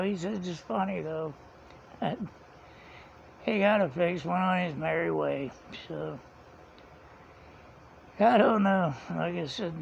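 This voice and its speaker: A man's voice: high-pitched, gravelly. A man, telling a rambling story in a casual vlog, chuckling often and retelling conversations. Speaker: vlogger. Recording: dull lo-fi sound, faint background hiss.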